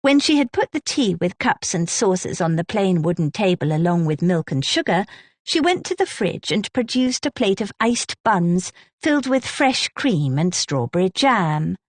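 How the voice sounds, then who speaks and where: A woman narrating an audiobook in a measured, descriptive manner on a close studio mic. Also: medium pitch, very animated, dry recording. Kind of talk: scripted narration.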